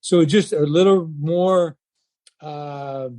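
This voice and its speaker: A man's voice: fairly high pitch, slow, no room sound. An older man, a retired baseball coach, telling stories in an interview and acting out the people he quotes. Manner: animated storyteller who acts out quoted voices. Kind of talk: storytelling interview talk.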